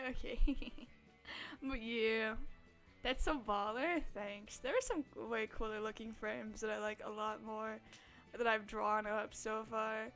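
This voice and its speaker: A woman's voice: fairly high pitch, fairly bright tone. A young woman streaming live, chatting casually with her audience, giggling often and answering chat in a playful, swearing way. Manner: giggly, laughs often between lines.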